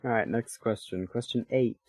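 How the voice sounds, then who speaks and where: A man co-hosts a casual podcast and reads out some of the quiz questions. He talks in a relaxed way. His voice has a dry, close sound. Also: mid-range voice, normal speed, no room sound. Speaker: podcast co-host. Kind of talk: casual chat.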